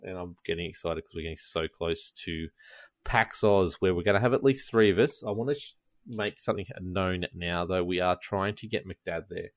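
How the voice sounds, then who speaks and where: A low-pitched man hosts a casual live podcast. He rambles in a chatty way with lots of ums, and the sound is dry and close. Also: dry recording. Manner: chatty, rambling with many fillers. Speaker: podcast host.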